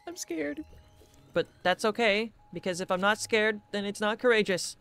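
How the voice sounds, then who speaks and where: A man giving let's-play commentary, excitable, gasping and talking to himself as he plays. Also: high voice, normal speed, a little hiss or hum. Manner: excitable, gasps and talks to himself. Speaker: gaming YouTuber.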